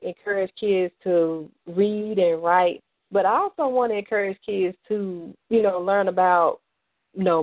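A woman's voice: on the low side, no room sound. A woman guest on a radio interview, chatting casually with lots of fillers and restarts, from the American South. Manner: rambling, many fillers and restarts. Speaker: author guest. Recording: tinny phone line, dry.

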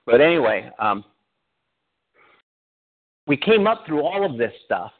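A man's voice: medium pitch, a little slow. Man telling his story over a tinny line. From Southern California. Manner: animated storytelling, often laughing. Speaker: pastor. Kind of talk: personal testimony. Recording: tinny phone-like sound.

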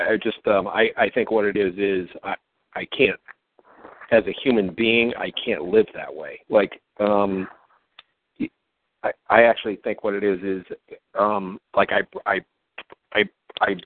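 A man in a coaching session, talking through his feelings in halting, stammering speech as he searches for words. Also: fairly low pitch. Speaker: client. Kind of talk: reflective self-exploration talk. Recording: dry phone-like line.

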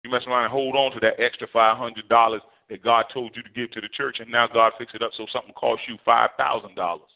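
A man's voice: medium pitch, fast, vocal fry. Preaching man over a tinny phone line. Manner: animated preaching, voicing God and Moses in quotes. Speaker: pastor. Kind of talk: sermon.

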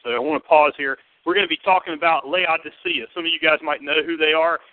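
A man with a Southern US accent preaching a sermon to his church, lively and joking in a conversational way. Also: a little high, fast, no room sound. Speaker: pastor. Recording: tinny, phone-like and dry.

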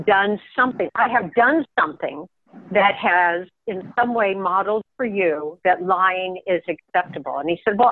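An older woman speaks over a thin, tinny phone line, her voice sitting at a middling pitch. She tells a personal story slowly and reflectively, softly, with pauses and restarts. She sounds like a participant on a group call.

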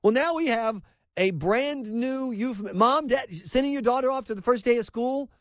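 A man hosting a talk radio show, delivering an opinionated monologue with a sarcastic, animated edge. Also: very high voice, normal speed, no echo. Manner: sarcastic, animated, mocks quotes in put-on voices.

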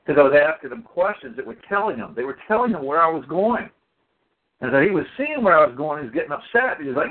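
A man telling stories in a casual community call, animated and acting out the people in them. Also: fairly high pitch, fast. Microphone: phone or call audio. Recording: tinny phone line.

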